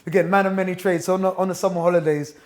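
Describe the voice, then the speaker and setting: High-pitched guy in his 30s, boxing coach telling stories on a podcast, keen and chatty. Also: little pitch movement, very fast, a little mellow. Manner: enthusiastic storyteller, chatty. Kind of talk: casual interview chat. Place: gym.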